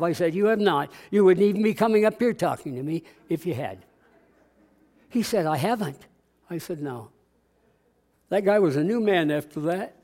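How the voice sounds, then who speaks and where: A man's voice: high-pitched, lively intonation, normal speed, darkish tone. A man preaching a conversational sermon, acting out dialogue and drawing responses from the congregation. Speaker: pastor. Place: church sanctuary.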